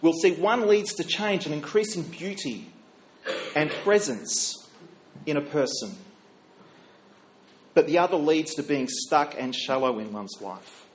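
Middle-aged minister chatting through a sermon. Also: male voice, a little high, animated, measured pace, pauses often, slight background noise. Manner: chatty storytelling with fillers and self-corrections.

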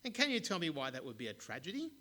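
A man's voice: medium pitch, animated, a little fast, a bit bright. A man voicing a pompous, self-important male mayor who blusters and stammers. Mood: delighted.

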